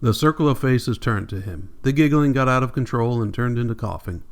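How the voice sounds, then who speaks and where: A man narrating an audiobook with steady, measured storytelling. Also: mid-range voice. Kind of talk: scripted narration.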